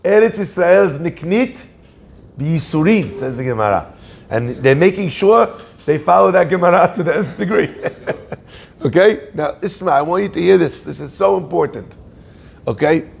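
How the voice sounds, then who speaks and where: A man giving a Torah class as a sermon to a live audience, lively and joking in asides. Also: a little high, normal speed, creaky, slightly rough.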